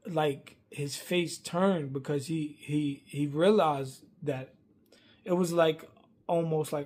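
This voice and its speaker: A man, venting a rambling workplace story to camera, swinging from loud outbursts to muttering. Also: fairly even intonation, a little slow, slightly rough. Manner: heated, rambling, acts out quotes loudly then drops low.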